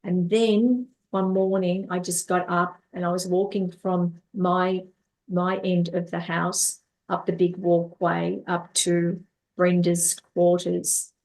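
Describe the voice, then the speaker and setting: With a low, darkish voice and a flat, slow delivery, this woman, a life coach and therapist, shares stories from her own life during an interview. She often repeats words and performs the lines others said to her.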